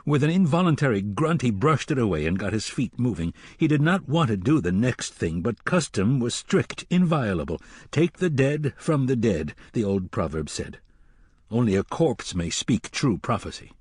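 A man reading a dark fantasy audiobook in a measured, deliberate way. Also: mid-range voice, very animated, breathy edge, no echo, studio quality. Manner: measured, slowing for tension. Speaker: narrator. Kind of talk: audiobook narration.

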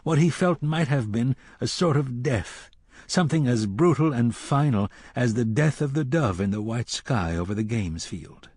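A man narrating a story in a measured storytelling voice, raising his voice for the characters' lines. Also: medium pitch, lively intonation, a little mellow, no room sound, studio quality. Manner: measured storytelling, lifts voice for dialogue. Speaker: audiobook narrator.

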